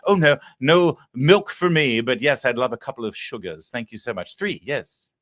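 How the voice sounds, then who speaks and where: A man's voice: mid-range voice, lively intonation, normal speed, fairly bright tone, dry recording, clean studio sound, natural voice. A man doing a prim, dainty lady lawmaker. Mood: mock-genteel. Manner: mock-refined, dainty, exaggeratedly proper. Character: prim, genteel, overly polite woman lawmaker.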